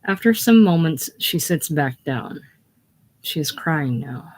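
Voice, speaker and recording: Casual play reader doing the stage directions, slow and plain. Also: mid-range voice, lively intonation, darkish tone. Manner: plain, unhurried.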